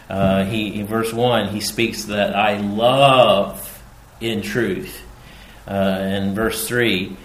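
A man preaching a sermon, slow and emphatic, repeating his key phrases. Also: lowish voice, fairly bright tone, slight background noise. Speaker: pastor. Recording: echoey room with faint ambience.

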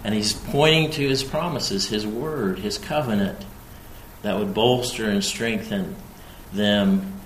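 A man's voice: lowish voice, slight background noise. A man preaching an expository sermon, speaking emphatically and rising in force when he quotes scripture. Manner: emphatic, rising loud on quoted scripture, slow deliberate pace. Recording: echoey room.

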